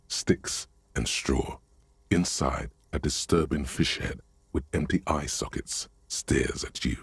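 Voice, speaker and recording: An actor playing a brooding, ominous male game narrator with a gravelly, husky voice and measured delivery. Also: a bass voice, dry recording, heavily acted. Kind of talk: video game voice acting.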